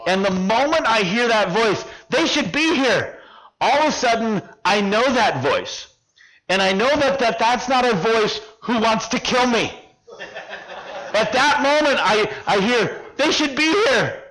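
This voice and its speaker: Middle-aged male preacher, high voice, vivid storyteller who acts out the scene. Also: unhurried, poor audio. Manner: animated storyteller, acting out dialogue, drops to hushed tones. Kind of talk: sermon with personal story.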